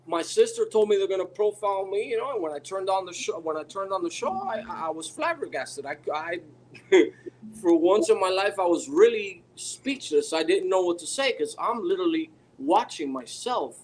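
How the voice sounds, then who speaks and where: Male guest, high voice, rambling anecdote, faint hiss behind. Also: normal speed, rough recording. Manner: animated, rambling with restarts. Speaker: podcast guest. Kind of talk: casual storytelling.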